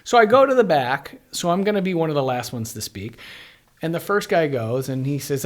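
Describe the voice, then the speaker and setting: A man's voice: a little high, brisk. A middle-aged man from Illinois, a guitarist and music educator, telling stories in a casual interview and laughing often as he talks. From Illinois, USA. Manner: animated storyteller who laughs often.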